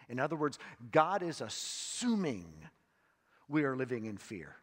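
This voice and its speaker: A male pastor delivers a slow, measured sermon in a church sanctuary. He reads scripture and teaches, swinging from loud emphatic bursts to hushed, quiet drops. His voice rings with a long hall reverb. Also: mid-range voice, very animated.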